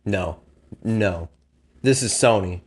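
A man's voice: fairly low pitch, takes it slowly. A man co-hosting a casual podcast chat, chatty and laughing often. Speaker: podcast co-host.

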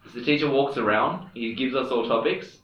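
A man's voice: medium pitch, a little fast, fairly bright tone, distant mic. A teenage boy telling a school story in casual chat, joking with lots of "um" and restarts. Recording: echoey room, off-mic and dull.

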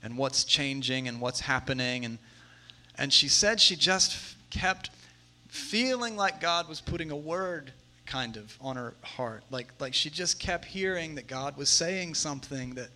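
Bright-voiced man in his thirties preaching. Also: mid-range voice, animated, measured pace. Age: 30s. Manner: conversational, shifting from hushed to emphatic. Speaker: pastor. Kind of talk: sermon.

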